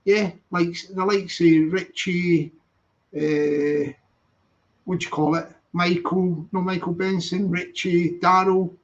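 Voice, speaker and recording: A man's voice: sits high, little pitch movement, slow. A man hosting a live stream, chatting casually and rambling as he reads out viewer comments. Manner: rambling, repeats himself, chatty. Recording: dull lo-fi stream audio.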